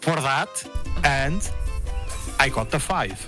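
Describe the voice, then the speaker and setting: A man playing a tabletop game, animated and playful as he acts out his character. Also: mid-range voice, takes it slowly, soft background music. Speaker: player. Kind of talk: casual chat in a tabletop game.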